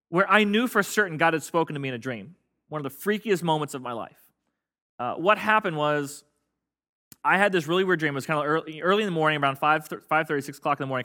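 A pastor with a slightly high, sharp-toned male voice preaches a sermon casually and with plenty of joking. He prompts his congregation in the church sanctuary to call out their responses.

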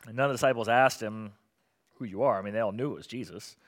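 A middle-aged man preaching a sermon as pastor, conversational and animated, asking the congregation rhetorical questions. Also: on the low side, fast.

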